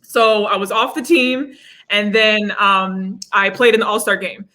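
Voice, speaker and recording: A young woman guest on a video call, telling her story in a lively, conversational way. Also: mid-range voice, unhurried. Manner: animated storyteller, acts out quotes.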